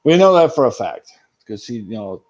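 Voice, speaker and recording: This man recaps a show episode on a laid-back, unscripted livestream, rambling to his chat and swearing freely. His medium-pitched voice is sing-song with a darkish tone, at normal speed.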